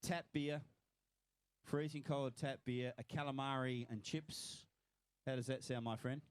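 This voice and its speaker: A man's voice: medium pitch, steady tone, unhurried, smooth, no echo. A man with an Australian accent, commentating live at a swim finish line and congratulating each swimmer by name.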